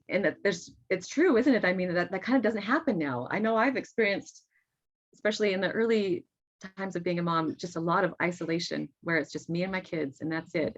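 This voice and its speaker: A middle-aged mother talking earnestly as a podcast guest, often laughing. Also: on the low side. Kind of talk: casual interview talk. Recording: dull lo-fi sound.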